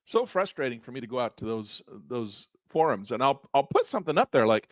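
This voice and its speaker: A man's voice: medium pitch, very animated, fairly quick, no room sound, studio quality. A man hosting an investing channel, talking casually and emphatically to his viewers, often repeating himself.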